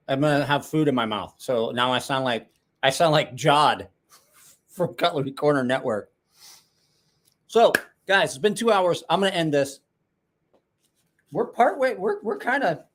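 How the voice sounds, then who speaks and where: A man hosting a casual livestream, chatting and rambling with frequent restarts and asides. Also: on the high side. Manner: rambling, self-correcting, chatty. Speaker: livestream host.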